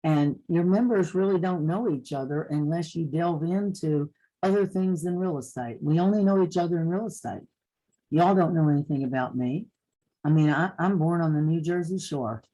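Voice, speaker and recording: An older woman with a soft Eastern Kentucky accent speaks to a conference audience of realtors. Her voice is mellow and warm, and her delivery is folksy and down-to-earth as she gives practical advice. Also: deep voice, normal speed, rough recording. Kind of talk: motivational conference talk.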